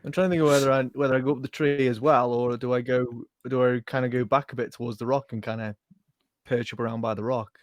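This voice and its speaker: A man's voice: mid-range voice, little pitch movement, fast talker, no room sound. Dry-sounding man thinking aloud. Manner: thinks aloud with many ums and trailing restarts. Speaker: player. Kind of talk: casual tabletop game chat. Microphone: home microphone on a voice call.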